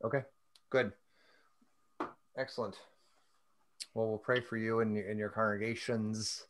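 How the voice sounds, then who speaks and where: A man's voice: fairly low pitch, flat delivery, unhurried, a loud crowd. A man teaching a Bible study in casual chat, thoughtful and often breaking off mid-thought. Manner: thoughtful, self-interrupting, chatty.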